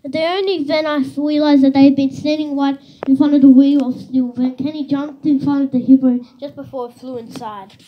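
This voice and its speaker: A woman reading a children's book aloud in an expressive storytelling manner, on a slightly dull recording with faint hiss. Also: high-pitched, brisk, few pauses. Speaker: reader.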